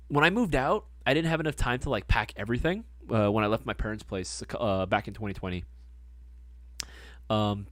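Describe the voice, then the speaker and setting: A man hosting a livestream, chatting casually and rambling through stories with lots of swearing and excited gushing. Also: mid-range voice, dry recording, clean studio sound. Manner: profane, rambling storyteller; excitable, gushing about hobbies. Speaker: livestream host.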